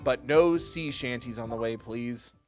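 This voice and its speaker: A man doing a cool, deep-toned prosecutor. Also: faint music behind, lightly acted. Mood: composed. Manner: low, measured and dryly formal. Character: cool, composed male prosecutor, dry and formal.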